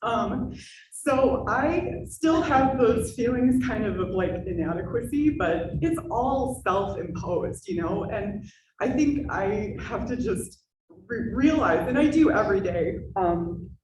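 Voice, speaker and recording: A woman's voice: medium pitch, lively intonation, slow. Woman panelist, heartfelt testimony, off-mic hall sound with audible room noise. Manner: earnest, laughs often, fillers. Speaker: panelist telling her conversion story. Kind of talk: personal testimony to an audience. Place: synagogue hall. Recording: roomy hall, distant mic, noisy.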